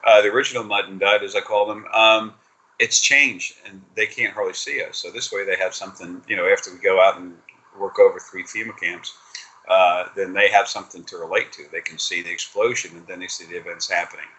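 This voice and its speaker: A man voicing his own spirit energy as a calm, matter-of-fact male presence that explains things offhandedly. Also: low-pitched, fairly quick, rough recording.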